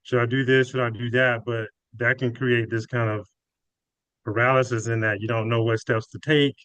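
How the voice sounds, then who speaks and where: Male podcast co-host, reflective, mid-pitched, dry close sound. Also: little pitch movement, moderate pace, fairly bright tone, smooth, no echo, poor audio. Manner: thoughtful, reflective. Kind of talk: casual spiritual chat.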